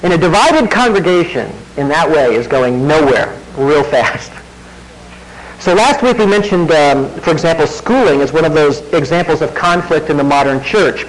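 A man's voice: a little high, expressive, normal speed, slight background noise, low-quality recording. A man preaching a sermon in a conversational way, with wry asides to the congregation. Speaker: pastor.

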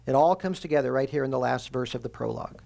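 A man preaching a sermon as pastor, teaching earnestly and slowing down to stress key phrases. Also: mid-range voice, vocal fry, a little mellow.

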